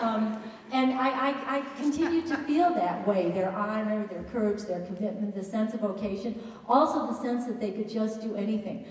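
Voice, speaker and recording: Warm-toned woman in an echoey hall. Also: on the high side, normal speed. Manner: chatty and enthusiastic, with frequent restarts. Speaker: speaker introducing a guest at a college event. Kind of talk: informal introductory speech. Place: large hall at a college event. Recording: echoey hall, voice picked up from a distance.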